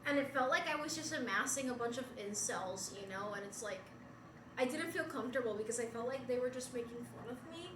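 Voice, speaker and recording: A woman's voice: on the high side, animated, a little fast, recorded from a distance, noisy background. A young woman from Puerto Rico chatting casually with her viewers on a bedroom stream, giggly and talkative as she answers chat. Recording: roomy bedroom, voice away from mic.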